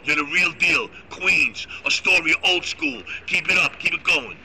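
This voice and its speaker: A man acting as co-host and hype-man on a live stream, repeating loud slogans. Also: fairly high pitch, measured pace, heavy background noise. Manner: loud, repetitive, hyped slogans.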